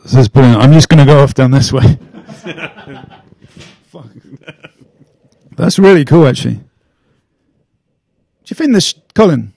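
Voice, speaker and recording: Gravelly, husky man hosting a casual live chat. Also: mid-range voice, expressive, unhurried, pauses often, mellow, no room sound. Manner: laid-back, swears casually, calls guest "man". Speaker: show host.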